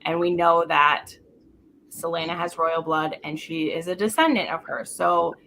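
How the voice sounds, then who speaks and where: A woman hosting a casual live book chat, talking animatedly in quick runs full of "like". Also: lowish voice, gravelly, fairly bright tone, slight background noise, rough recording. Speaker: book club host.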